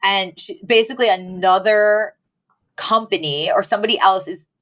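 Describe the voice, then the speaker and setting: A woman's voice: mid-range voice, moderate pace. A woman podcast co-host giving a casual, rambling episode recap with lots of fillers. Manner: rambling storytelling with many fillers.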